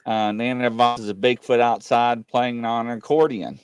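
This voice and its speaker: A man's voice: medium pitch, flat delivery, moderate pace, clean tone, no echo. Male host, casual and chatty, reads comments aloud, dry mic. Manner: rambling storyteller, often laughing. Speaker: talk show host. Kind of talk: casual live-show chat, reading viewer comments.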